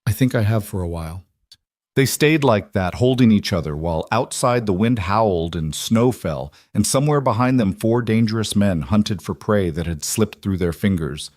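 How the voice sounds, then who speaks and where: A man reading a story aloud in a steady, measured way. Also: on the low side, dry recording, studio quality. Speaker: narrator. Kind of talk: scripted narration.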